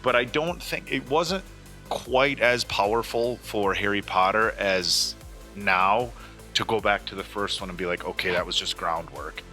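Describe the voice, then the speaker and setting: A man's voice: fairly low pitch, a little slow, bright, forceful tone, soft background music. A man in his forties hosting a movie reaction, talking casually and earnestly with many fillers and restarts. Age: 40s. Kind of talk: casual chat.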